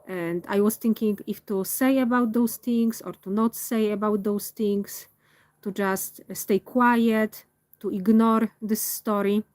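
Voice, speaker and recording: A woman, not a native English speaker, telling a personal story in a reflective monologue and often pausing to search for words. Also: medium pitch, fairly even intonation, darkish tone, no room sound. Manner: thoughtful, pauses to search for words. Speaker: vlogger.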